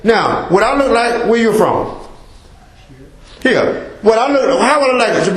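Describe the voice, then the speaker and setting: American man, high voice, emphatic mosque talk, roomy echo. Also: lively intonation, normal speed. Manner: emphatic, repetitive preaching with acted-out asides. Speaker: guest speaker. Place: mosque hall. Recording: echoey mosque hall.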